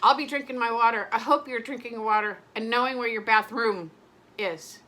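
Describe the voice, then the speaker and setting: A woman's voice: fairly high pitch, moderate pace, pushed and bright. A middle-aged woman vlogging in casual chat, rambling and emotional, often breaking off mid-sentence. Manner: rambling, emotional, self-interrupting.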